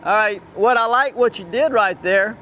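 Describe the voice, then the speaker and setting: A man's voice: sits high, moderate pace, pushed and bright, a little hiss or hum. A man working as a cutting horse trainer, coaching a rider live in an outdoor arena and calling out short, repeated commands.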